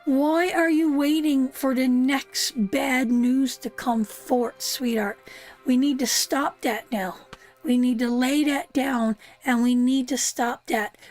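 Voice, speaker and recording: A woman's voice: high voice, a little mellow, no room sound. A woman giving a live tarot reading. She is soothing and emphatic, keeps calling the listener sweetheart, and swears now and then. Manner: soothing, repeats "sweetheart" often, emphatic and earnest. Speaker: tarot reader.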